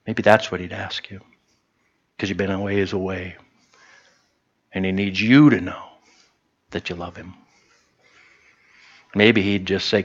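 A man's voice: low voice, fairly even intonation, a little slow, pauses often, slightly rough, muffled recording. A man preaching a sermon to a small church in a conversational way, often stopping to restart and quoting short lines. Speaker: pastor.

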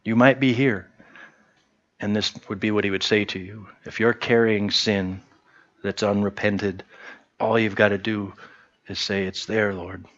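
Man, pastor, conversational sermon, lowish voice, dull lo-fi recording. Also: fairly even intonation, measured pace, long pauses, a bit bright. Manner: conversational preaching, with many restarts and quoted lines.

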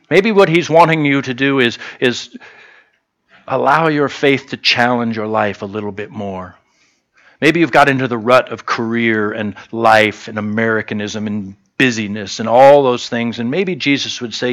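A man's voice: medium pitch, moderate pace, fairly bright tone. A man preaching a sermon to a small church in a conversational way, often stopping to restart and quoting short lines. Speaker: pastor.

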